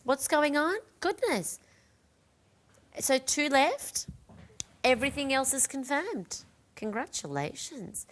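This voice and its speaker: A woman's voice: mid-range voice, fairly bright tone. A middle-aged woman presenting live home-shopping jewellery sales in a chatty, rambling way, talking straight to the viewers.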